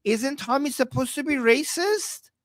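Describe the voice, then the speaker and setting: A man from Iran co-hosting a livestream, reacting excitedly to rally footage and reading chat messages aloud. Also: very high voice, measured pace, no echo. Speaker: livestream co-host. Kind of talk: live commentary on rally footage.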